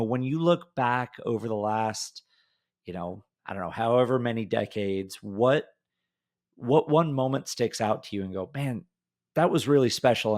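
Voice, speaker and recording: A man hosting a podcast interview, chatty and casual, often hunting for his words with fillers. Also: lowish voice. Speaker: podcast host.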